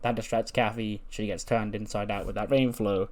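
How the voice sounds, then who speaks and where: A man's voice: fairly low pitch, flat delivery, moderate pace, a little mellow. A man casually narrating a wrestling simulation playthrough like a story, with a chatty, filler-heavy delivery. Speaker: gaming creator.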